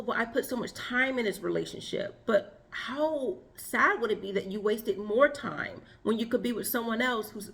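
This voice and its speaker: A woman's voice: mid-range voice, a bit bright. A woman coaching viewers on relationships, talking earnestly and stressing points with repeated lists. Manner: earnest, emphatic, lists with repetition. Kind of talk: advice talk to camera.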